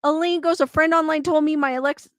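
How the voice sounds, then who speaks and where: A woman's voice: high-pitched, fairly even intonation, fast talker, no echo. A woman hosting a livestream, chatting casually, reading viewer comments aloud and laughing often. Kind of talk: casual chat.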